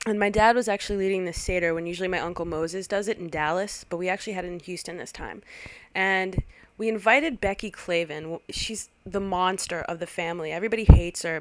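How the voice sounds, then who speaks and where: A young woman telling a personal anecdote in a lively, animated way, acting out the people in her story with sudden loud bursts. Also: lowish voice, brisk, dry recording. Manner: animated, acts out quoted voices, loud bursts.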